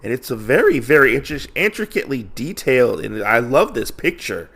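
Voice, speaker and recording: A man's voice: mid-range voice, sing-song, fairly quick, a bit bright. A man hosting a podcast, casually recapping a comic issue in a rambling way, full of fillers and restarts. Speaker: podcast host.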